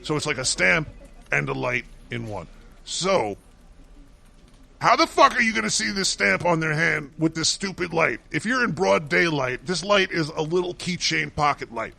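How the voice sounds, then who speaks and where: A man's voice: fairly high pitch, expressive, moderate pace, creaky, pushed and bright. A man co-hosting a comedic talk show, delivering a profane, mocking rant. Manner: ranting, swears constantly, mocking. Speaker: co-host doing a segment.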